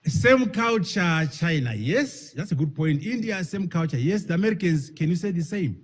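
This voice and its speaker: At a public forum, a man delivers an emphatic speech, repeating key phrases, stretching words for stress, and firing rhetorical questions at his audience. His voice sits on the high side and sounds husky and animated, at a normal speed.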